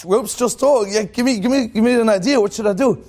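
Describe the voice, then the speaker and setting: A man voicing a frightened mountain climber in a joke, begging for help in a raised, excited voice. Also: a little fast. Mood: pleading. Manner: high-pitched, excited, pleading. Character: panicked male mountain climber hanging from cliff.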